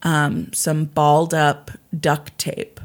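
A woman telling a true crime case in casual chat, acting out quotes and swearing casually. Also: takes it slowly. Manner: animated, acts out quotes with raised pitch, swears casually.

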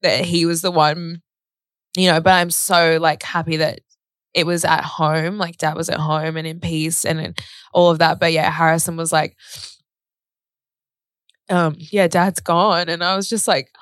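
A woman's voice: sits low, level tone, measured pace, pauses often, no echo. A young woman on a casual podcast, telling a personal story in a rambling way, full of fillers and acted-out bits of dialogue. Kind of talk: casual chat.

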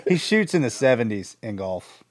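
A man's voice: medium pitch, big pitch swings, moderate pace, dry recording, clean studio sound. A man co-hosting a podcast, bantering loosely and joking. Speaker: podcast co-host. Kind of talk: casual podcast chat.

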